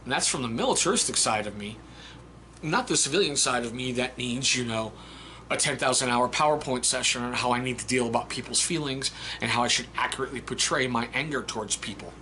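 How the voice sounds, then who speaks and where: A man's voice: medium pitch, brisk, bright, forceful tone, a little hiss or hum. A man, an Army veteran, giving a blunt, chatty book review and reading passages aloud. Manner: blunt, chatty, swears casually. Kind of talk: casual spoken book review.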